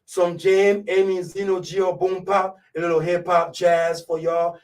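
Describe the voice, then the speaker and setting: This man's voice sits high, with a flat delivery and a measured pace, captured from a distance on poor audio. He hosts a live radio show in a laid-back way, speaking with a thick French accent; he's from Côte d'Ivoire. Chatting casually, he keeps checking in with listeners and repeatedly says "you know what I'm saying."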